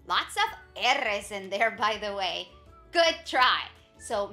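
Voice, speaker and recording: A woman teaching a language lesson to learners, encouraging and patient, repeating words slowly to model them. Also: on the high side, animated, bright, forceful tone. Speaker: Spanish teacher. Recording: faint background music.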